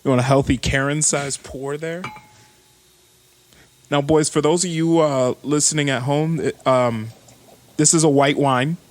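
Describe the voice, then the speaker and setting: A man's voice: a little high, fairly even intonation, measured pace, long pauses. Joking, rambling podcast co-host man. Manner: joking, rambling, lots of fillers. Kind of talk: casual chat.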